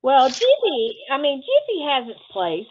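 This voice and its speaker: A woman's voice: sits high, huge pitch swings, measured pace, a little hiss or hum. Emphatic woman on a dull call line. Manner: chatty, emphatic storyteller. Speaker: guest on craft stream. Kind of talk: casual chat.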